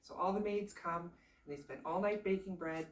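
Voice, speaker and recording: A woman tells a fairy tale in a casual, chatty way, full of lively asides. Her voice sits fairly low for a woman. The room is echoey and she is some distance from the mic. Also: normal speed. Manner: chatty, animated, conversational asides. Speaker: storyteller. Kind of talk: casual oral storytelling.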